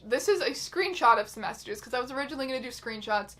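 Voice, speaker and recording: A woman hosting her own channel, reading out chat messages in a casual, wry, deadpan way with some swearing. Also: a little high, quick pace, hardly any pauses. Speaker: YouTube host.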